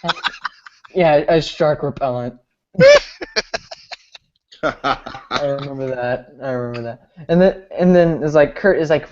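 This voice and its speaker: A young man retells a movie plot in a loose, rambling way, full of fillers, jumping into quick impressions of the characters. The audio is muffled and lo-fi. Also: on the high side, very animated. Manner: rambling, filler-heavy retelling with mimicked quotes. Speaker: podcast host recapping a movie. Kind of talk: casual chat.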